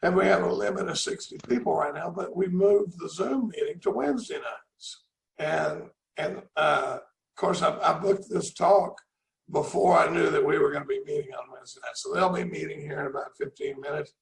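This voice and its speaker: A man's voice: fairly high pitch, moderate pace, vocal fry, roomy sound, rough recording. A middle-aged man giving a rambling, folksy recovery talk over a video call, often repeating his words. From Dallas, Texas. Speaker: recovery meeting speaker.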